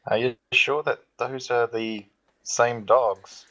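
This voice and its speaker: A man's voice: medium pitch, fairly even intonation, slow pace, sharp tone. A man playing a tabletop fantasy game who asks practical, questioning things. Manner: questioning, analytical. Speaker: player. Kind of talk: casual game chat. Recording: dull lo-fi mic.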